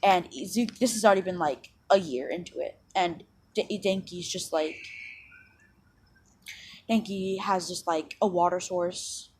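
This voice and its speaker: A woman's voice: on the low side, unhurried, a little hiss or hum. A woman casually retelling a fan story she made up, rambling with lots of fillers and repeats.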